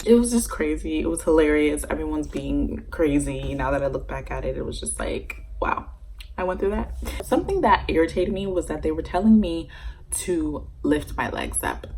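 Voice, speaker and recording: A young woman telling a story-time vlog in a casual, animated way, swearing freely as she goes. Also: deep voice, normal speed, slight background noise, rough recording. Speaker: vlogger.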